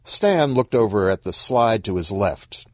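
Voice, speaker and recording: A man narrating a short story in a wry, expressive storybook reading. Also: on the low side, a little slow, dry recording, studio quality.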